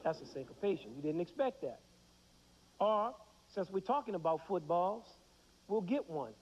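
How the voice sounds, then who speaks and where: A man explains rhythm to young students with playful energy, counting beats aloud and acting out examples. His voice sits a little high. The sound is dull and lo-fi, like an old 1990s TV broadcast. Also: animated, normal speed, a little mellow, in a large hall, a little hiss or hum. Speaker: music teacher. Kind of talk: teaching children about rhythm.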